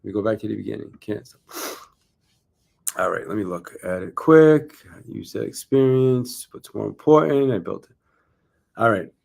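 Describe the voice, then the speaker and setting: A man in his forties with a gravelly, creaky voice, working through a rehearsal of a motivational talk. He stops, restarts and comments on his own delivery in a loose, casual way. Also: on the low side, lively intonation, normal speed, pauses often, a little mellow. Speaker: sales coach.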